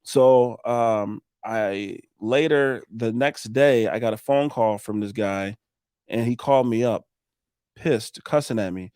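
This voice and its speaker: A roofing business owner telling a blunt, animated story as a podcast guest and acting out what people said. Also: male voice, fairly low pitch, takes it slowly, clean tone, no echo, clean studio sound. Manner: animated, acts out quotes, blunt with swearing. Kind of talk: casual storytelling.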